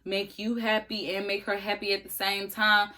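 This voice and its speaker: A woman's voice: medium pitch, monotone, moderate pace, sharp tone, lightly acted. Woman mimicking a sheepish caught-out guy. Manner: sheepish, apologetic. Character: apologetic caught-out young man.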